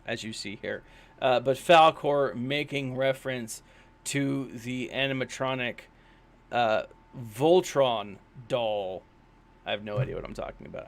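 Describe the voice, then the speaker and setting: A man casually commenting on a mobile game during a live stream, rambling and self-deprecating, with lots of fillers. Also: medium pitch. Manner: chatty, rambling, with many fillers.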